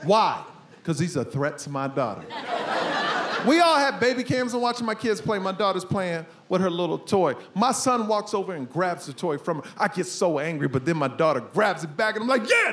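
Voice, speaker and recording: Animated high-voiced male stand-up comic. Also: normal speed, crowd noise. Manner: animated, acts out family scenes, bursts into shouts. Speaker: stand-up comedian. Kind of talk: stand-up comedy set. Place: comedy club stage with live audience. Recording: live room with steady ambience noise.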